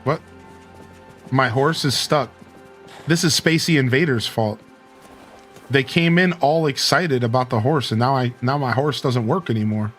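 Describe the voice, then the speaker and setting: Over soft background music, a man speaks unhurriedly with long pauses in a mid-range, fairly bright voice. He's giving relaxed gameplay commentary to his stream's viewers, reading dialogue aloud and occasionally using a fake Scottish accent.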